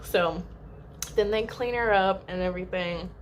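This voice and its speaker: A woman's voice: fairly low pitch, moderate pace, a little hiss or hum. A young woman vlogger casually retelling a personal story to camera, chatty and emphatic, with frequent filler words. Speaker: channel host.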